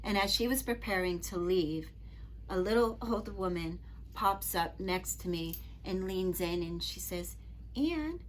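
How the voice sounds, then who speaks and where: A middle-aged woman and Reiki master telling personal stories to camera in an earnest, gentle, chatty way. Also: lowish voice, fairly even intonation, a little slow, slight background noise. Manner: earnest, gentle, chatty with frequent "you know". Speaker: Reiki master and spiritual teacher.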